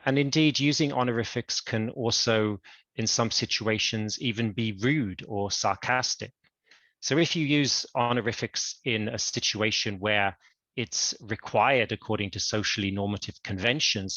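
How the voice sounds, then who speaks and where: A male university lecturer giving an online academic lecture, explaining in a measured way. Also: on the low side, bright, forceful tone, dry recording, muffled recording. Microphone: computer mic on a video call.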